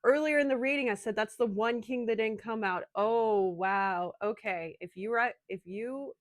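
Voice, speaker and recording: A woman giving an emotional, excitable channeled tarot reading, speaking straight to her viewers. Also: on the high side, normal speed, dry recording. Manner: emotional, excitable, addresses listeners as darling. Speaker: tarot reader.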